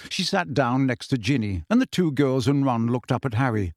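A man narrating a novel as an audiobook, expressive and giving each character a voice. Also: mid-range voice, moderate pace, hardly any pauses, no echo, clean studio sound. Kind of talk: scripted storybook narration.

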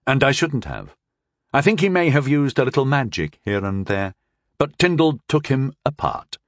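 Expressive male audiobook narrator. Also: mid-range voice, moderate pace, no room sound, studio quality. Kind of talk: first-person fantasy audiobook narration.

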